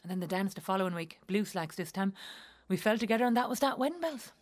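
A woman's voice: mid-range voice, animated, fast talker, darkish tone, lightly acted. Irish monologue role: a woman playing a blunt, wry young wife, earthy and swearing, medium voice. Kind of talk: theatrical monologue.

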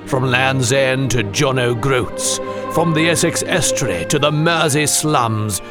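A man voicing a jingoistic, pompous British announcer who speaks grandly and slowly. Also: medium pitch, over loud music, natural voice. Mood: grandiose. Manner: grandiose, slow and stately.

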